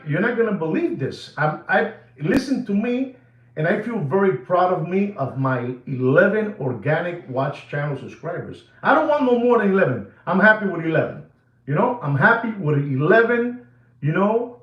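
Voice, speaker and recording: A man's voice: sits high, moderate pace, echoey room, muffled recording. A man hosting a watch channel livestream, ranting in a repetitive, emphatic way to his viewers. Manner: repetitive, animated, emphatic, addresses ladies and gentlemen. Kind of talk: livestream rant.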